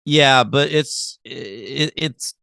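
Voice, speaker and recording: A man's voice: mid-range voice, drawn-out words, vocal fry, pushed and bright, no room sound, clean studio sound. A man co-hosting a podcast, chatting casually, laughing easily and explaining plot points. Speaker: podcast co-host. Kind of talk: casual recap chat.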